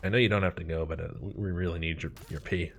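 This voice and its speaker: A man voicing an uncle who leans in to give hushed, serious man-to-man advice. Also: fairly even intonation, quick pace, slight background noise. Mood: confiding. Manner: hushed, low, confiding.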